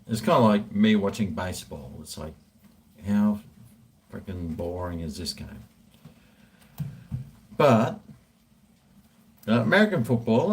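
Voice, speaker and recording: Laid-back guy, low voice, unhurried drinking-session ramble. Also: lively intonation, darkish tone. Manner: rambling, swears freely. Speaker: vlogger. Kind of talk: casual chat while drinking.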